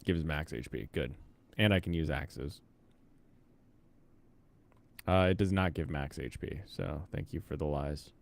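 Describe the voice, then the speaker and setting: A man's voice: very deep voice, unhurried, creaky, long pauses. A young man from the Pacific Northwest giving casual commentary while playing a game, thinking aloud and chatting with viewers. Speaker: streamer.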